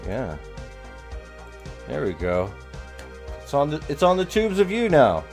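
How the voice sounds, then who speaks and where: A man's voice: fairly high pitch, wildly swooping pitch, a little slow, a little mellow, soft background music. A man hosting a live game stream in casual chat, playful and teasing as he works the stream. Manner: playful, teasing, talks while working the stream. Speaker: streamer host.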